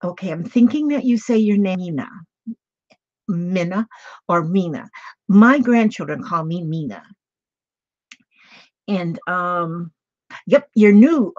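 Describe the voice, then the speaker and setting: A woman's voice: fairly low pitch, a little mellow, no room sound. An older woman hosting a casual craft livestream, chatting in a rambling way and greeting viewers one by one. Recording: dull lo-fi dry sound.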